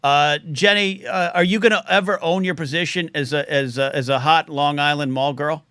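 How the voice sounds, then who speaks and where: Guy hosting a call-in show, bright higher voice, dry close sound, keeps tripping over his words. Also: moderate pace, smooth, no room sound. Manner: rambling, repeats words when excited. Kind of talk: casual live call-in chat.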